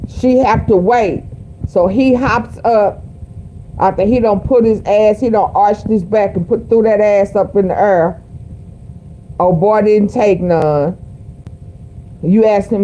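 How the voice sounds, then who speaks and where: A woman's voice: mid-range voice, a little slow, mellow, muffled recording, slight background noise. A woman hosting a vlog, giving blunt, profane commentary over a played clip. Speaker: host. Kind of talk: casual commentary.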